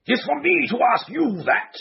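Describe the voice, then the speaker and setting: A man's voice: sing-song, normal speed, gravelly, slightly rough, dull audio, full character voice. Man putting on a shrieking fat villain. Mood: raging. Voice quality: shrill, shrieking. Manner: ranting, shouting threats.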